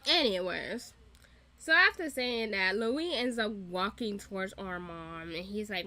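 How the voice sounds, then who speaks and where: Casual woman recapping a show, laughing and cursing, crisp bright tone. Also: mid-range voice, a little slow. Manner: profane, laughing, animated. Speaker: reaction channel host.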